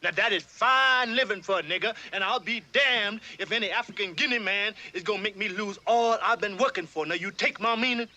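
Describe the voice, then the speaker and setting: A man's voice: sits high, a little fast, hardly any pauses, bright, forceful tone. An actor with a Southern accent playing an older enslaved fiddler who fawns over his master and scolds a newcomer in a drawling dialect. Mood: stern. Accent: American Southern. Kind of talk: period film drama.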